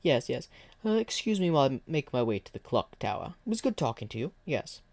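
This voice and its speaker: A man's voice: medium pitch, big pitch swings, a little fast, vocal fry, darkish tone, voice pushed up. A man voicing a chipper male clockman agent. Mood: cheery.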